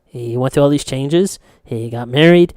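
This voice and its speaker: A man's voice: mid-range voice, normal speed, darkish tone, no echo, clean studio sound. A young man co-hosting a podcast, telling rambling stories in casual chat, swearing freely and laughing often. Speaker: podcast co-host.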